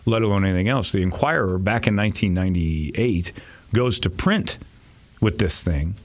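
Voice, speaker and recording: A man's voice: sits low, moderate pace. A middle-aged man, a radio host, telling rambling, profane, self-deprecating stories in casual chat.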